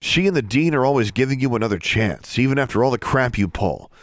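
A man's voice: medium pitch, expressive, fast talker, no echo, studio quality, pitched above the performer's own voice, close to an everyday voice. A man voicing a contemptuous teenage wizard bully who taunts with mocking scorn in a storybook reading. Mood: sneering.

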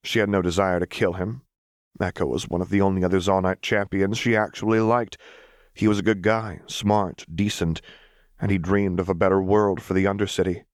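A man reading a fan-fiction story aloud as narrator, measured and even. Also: low voice, no echo, clean studio sound. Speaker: audiobook reader. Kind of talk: scripted narration.

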